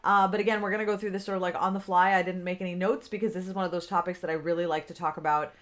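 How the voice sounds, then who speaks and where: A woman's voice: lowish voice, level tone, rapid-fire, fairly bright tone. A woman in her forties, a business coach, talking off the cuff on a livestream, chatty, with lots of fillers, greeting viewers by name. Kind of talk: unscripted livestream talk.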